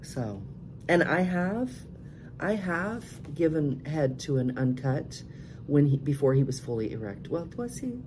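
Woman, very low voice, middle-aged, blunt chatty host, steady noise behind her. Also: unhurried. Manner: frank, chatty, laughs often. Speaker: cam show podcast host. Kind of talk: casual live-stream chat reading viewer messages.

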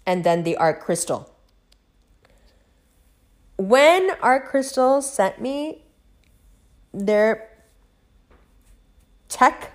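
Profane, animated woman telling a story. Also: mid-range voice. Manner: profane, animated, swings between loud excitement and hushed recounting. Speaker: vlogger. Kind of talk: casual storytelling monologue.

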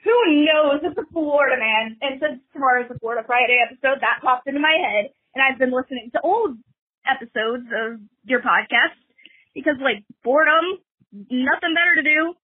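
A young woman from Texas calling into a podcast, rambling casually with drawn-out emphasis. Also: sits high, husky. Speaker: podcast caller. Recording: voicemail over a tinny phone line.

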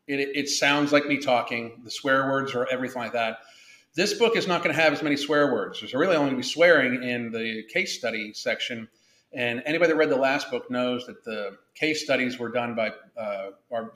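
A man's voice: mid-range voice, a bit bright, echoey room. A man hosting a casual podcast, blunt and profane, rambling with frequent restarts. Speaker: podcast host.

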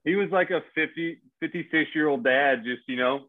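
A young man in casual chat, telling stories in a dry, deadpan way. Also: a little high, moderate pace. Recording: tinny phone-like line.

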